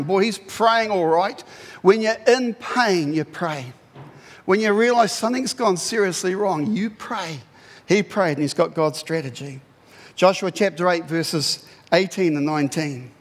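A male pastor preaching a sermon, telling the story in an animated way and acting out the quotes in loud bursts. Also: sits high. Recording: long hall reverb.

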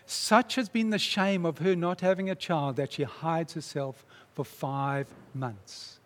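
A man preaching, retelling a story in a dramatic, animated way. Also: fairly high pitch, a little slow. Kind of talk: sermon storytelling. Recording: long reverb in a large hall.

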